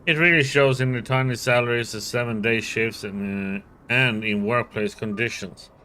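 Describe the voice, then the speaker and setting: A man voicing a determined male factory turner who organizes workers, speaking in an earnest, steady way in a video game. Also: mid-range voice, moderate pace, slight background noise, natural voice.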